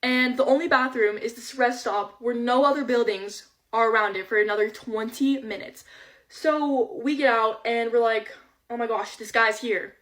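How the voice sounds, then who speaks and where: High-voiced teen girl, chatty storytime. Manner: chatty, animated retelling full of quoted dialogue. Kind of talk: casual storytime.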